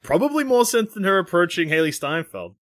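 A man hosting a podcast, chatting casually with quick, profane, laughing asides. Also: high voice, big pitch swings, fairly bright tone, no echo, studio quality. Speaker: podcast host. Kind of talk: casual chat.

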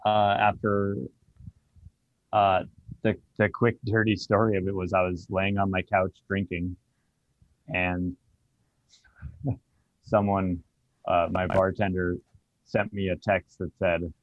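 Bar owner, male, low voice, profane storyteller; dry, dull lo-fi recording. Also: slow, long pauses, no echo. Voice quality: profane, animated anecdote telling. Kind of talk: casual storytelling.

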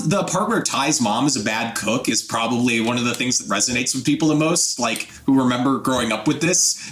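A man chatting excitedly on a podcast, laughing often as he talks. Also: medium pitch. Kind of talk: casual podcast discussion. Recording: echoey room with faint noise.

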